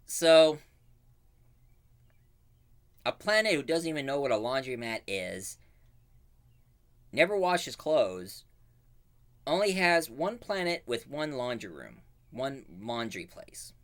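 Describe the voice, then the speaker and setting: A man casually retelling a cartoon plot as a reviewer, with animated storytelling full of fillers. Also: medium pitch, slow pace, pauses often.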